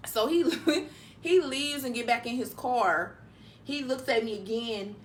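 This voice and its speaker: Chatty young woman, higher voice. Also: measured pace, slight background noise. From Detroit, USA. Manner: chatty, loose, full of "like" fillers. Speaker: mukbang vlogger. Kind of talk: casual storytime chat while eating.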